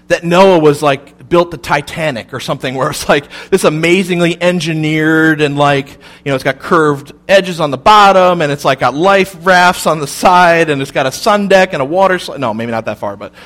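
Guy preaching, pretty high voice, jokey storytelling then goes quiet and serious. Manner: animated, humorous storytelling with sudden drops to soft intensity. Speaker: pastor. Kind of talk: sermon.

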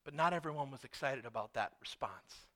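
Middle-aged preacher, bright tone, animated storyteller. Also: male voice, medium pitch, a little fast. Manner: animated storytelling, acts out quotes. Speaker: pastor. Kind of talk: sermon.

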